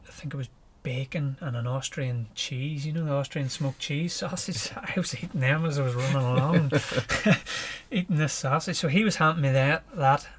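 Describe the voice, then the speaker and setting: A man with a Northern Irish accent, a podcast guest telling his story in a relaxed, lively way and chuckling as he goes. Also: medium pitch. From Northern Ireland. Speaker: podcast guest, ultra runner. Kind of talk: casual storytelling.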